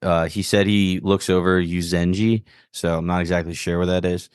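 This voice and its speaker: A man's voice: deep voice, steady tone, normal speed, smooth, no echo, clean studio sound. A man co-hosting a casual talk show about a TV series, rambling and jokey with lots of filler words. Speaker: podcast co-host. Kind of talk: casual chat.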